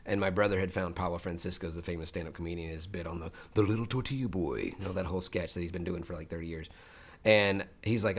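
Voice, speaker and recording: Deep-voiced animated storytelling man. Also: fast talker. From Memphis, Tennessee. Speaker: voice actor guest. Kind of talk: casual interview chat.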